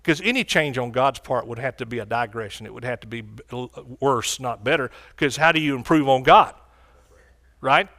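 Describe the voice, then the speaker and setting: A man's voice: medium pitch, normal speed, pushed and bright. A man preaching a sermon with fervent energy, calling out to his congregation for responses.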